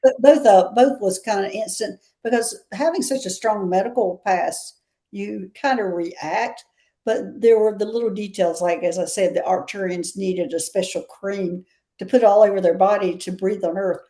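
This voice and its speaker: A woman's voice: medium pitch, normal speed, mellow. A woman with a Southern US accent, a guest chatting and telling stories in an interview, often laughing. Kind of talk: casual interview storytelling.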